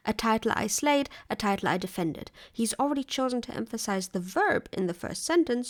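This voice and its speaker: Woman doing a scripted video essay, analytical, kinda wry. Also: fairly high pitch.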